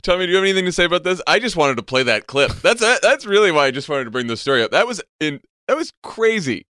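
A man hosting a casual political podcast, wry and animated, his pitch swinging widely as he riffs. The sound is close and dry. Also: fast, dry recording. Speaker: podcast host.

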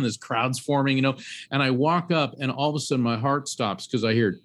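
Animated male medium telling a story. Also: quick pace. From Central Florida. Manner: animated storyteller, acts out voices and raises his pitch sharply. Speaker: psychic medium and author. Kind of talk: storytelling interview guest.

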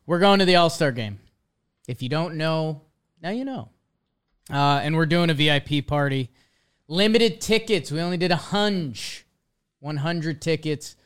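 Laid-back man talking baseball, smooth voice. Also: fairly high pitch, unhurried. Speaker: podcast co-host. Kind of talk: casual sports chat.

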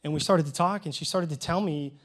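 A man preaching as a youth pastor, telling stories earnestly and emotionally, with sudden loud rises. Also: fairly high pitch, brisk. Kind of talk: preaching a sermon.

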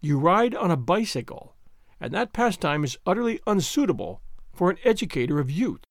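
A man's voice: high-pitched, big pitch swings, moderate pace, gravelly, no room sound, studio quality, heavily acted. A man voicing a fussy, anxious middle-aged schoolmaster who talks in a prim, mournful way. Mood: fretful lecturing.

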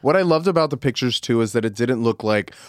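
Male guest, mid-pitched, chatty with deadpan asides, dry studio sound. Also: fast, no echo. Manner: chatty, laughs often, drops into quiet deadpan asides. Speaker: podcast guest. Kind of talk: casual comedic chat.

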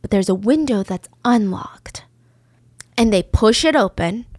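A woman with a fairly high voice tells a true crime story as if chatting with a friend. She adds casual asides. The sound is close and dry. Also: no room sound.

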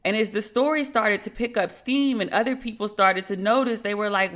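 A woman's voice: a little high, moderate pace, few pauses, a bit bright. Sardonic woman podcast host. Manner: candid, slangy, sardonic. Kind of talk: casual storytelling monologue.

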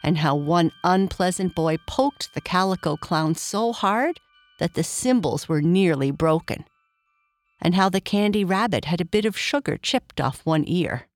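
A woman narrating a children's story, calm and even in her reading. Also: deep voice, normal speed, soft background music.

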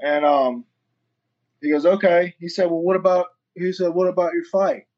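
Man, 30s, slightly high voice, rambling and profane storyteller, muffled lo-fi audio. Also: steady tone, normal speed. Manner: rambling, profane, acts out quoted dialogue. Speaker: fighter and firefighter, interview guest. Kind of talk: casual interview storytelling.

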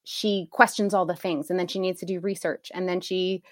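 Woman podcast co-host, thirties, lower pitch, explanatory casual talk, dry mic. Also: little pitch movement, normal speed, no echo. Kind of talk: casual conversational chat.

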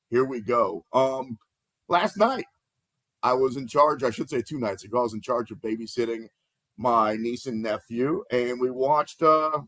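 Husky-voiced man hosting sports betting radio. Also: medium pitch, no echo. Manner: playful, energetic, plugs odds and sponsors. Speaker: sports betting show host.

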